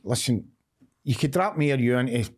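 A middle-aged man with a strong Glaswegian accent talks in a blunt, animated way. He swears freely and tells stories in a casual podcast chat. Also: mid-range voice, moderate pace, slightly rough. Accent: Glaswegian Scottish. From Scotland. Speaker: podcast guest, former footballer.

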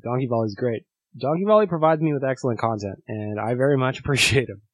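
Male podcast host, casual and amused, husky voice, dry close mic. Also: mid-range voice, quick pace, no echo.

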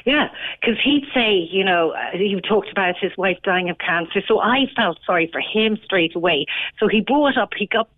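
An Irish woman in her fifties earnestly telling a personal story over the phone, halting and restarting often. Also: medium pitch, lively intonation, no echo. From Ireland. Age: 50s. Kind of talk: emotional personal account. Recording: tinny phone line.

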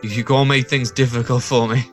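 A man co-hosts a gaming podcast in casual chat, making dry wisecracks. His voice sits at an ordinary pitch. Faint music plays behind him. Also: little pitch movement, quick pace. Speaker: podcast co-host.

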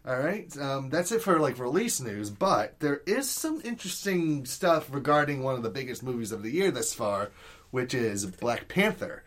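A man's voice: mid-range voice, moderate pace. A man co-hosting a casual podcast, reading out news items in a jokey way. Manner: lively, jokey. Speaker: podcast co-host presenting news. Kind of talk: casual chat.

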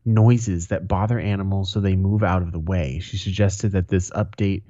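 A man co-hosting a podcast in casual banter, profane and animated, telling stories with laughs. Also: low voice, normal speed, dull audio. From Boston area. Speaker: podcast co-host.

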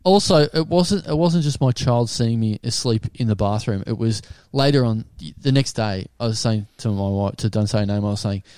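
A man's voice: fairly low pitch, normal speed, hardly any pauses, darkish tone, smooth, no room sound, clean studio sound. A man co-hosting a podcast over a video call, telling self-mocking stories. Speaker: podcast co-host. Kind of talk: casual podcast banter. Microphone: remote video call.

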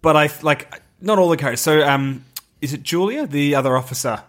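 A man co-hosting a casual podcast about a film, retelling scenes with lively quoted lines. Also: a little high, fairly quick. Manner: animated, acts out movie scenes in quoted voices. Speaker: podcast co-host.

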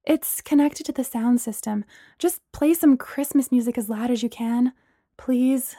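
A woman's voice: fairly high pitch, measured pace, warm tone, dry recording, clean studio sound. A cheerful flustered young hostess, read by a woman.

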